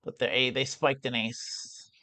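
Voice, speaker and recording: A woman streams poker, explaining her hands aloud and frequently starting sentences anew. Her rumbling low voice is flat in delivery, a little slow, and fairly bright, with slight background noise.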